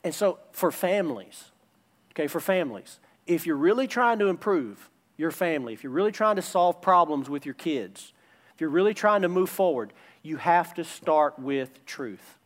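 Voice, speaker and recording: A man's voice: a little high, expressive, normal speed. A man preaching a sermon as a pastor, emphatic and returning again and again to his key phrases.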